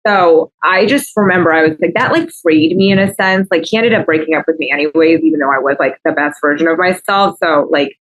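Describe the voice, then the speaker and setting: A woman guest on a podcast, with a fairly low-pitched voice. She chats openly and casually, slipping easily into personal storytelling. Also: brisk, few pauses, fairly bright tone, poor audio. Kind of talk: candid podcast chat.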